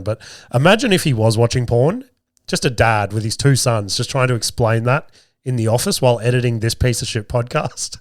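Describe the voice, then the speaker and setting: A man hosts his podcast with a strained, sore throat, telling a long family anecdote. He rambles, swears freely and pokes fun at himself. The sound is dry and close, with a middling male pitch. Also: fairly quick, no room sound. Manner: rambling, profane, self-mocking. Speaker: podcast host. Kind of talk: casual storytelling monologue.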